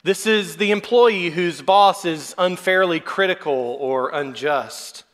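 A man in his thirties, a pastor preaching a measured, earnest sermon. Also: sits high, fairly bright tone. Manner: measured, earnest preaching with brief put-on whiny quotes.

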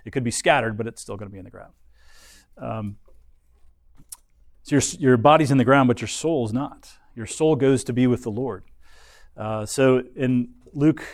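A man gives a Bible lesson at a middle pitch, explaining step by step and often restarting his phrases. The sound is dry and close, with no room echo. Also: normal speed, long pauses. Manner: explanatory, frequent restarts and fillers. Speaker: Bible teacher.

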